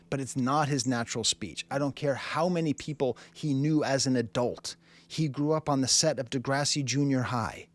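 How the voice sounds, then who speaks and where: A man from Boston hosting a music review show, talking in a rambling way full of "you know" and "uh". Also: medium pitch. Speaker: music review show host, French professor. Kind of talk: casual video commentary.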